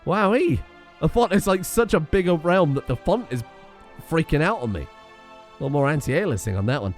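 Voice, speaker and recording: A man casually commenting on his strategy game as he plays, chatty, swearing freely and often getting sidetracked. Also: on the high side. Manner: chatty, profane, easily sidetracked. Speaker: gaming streamer.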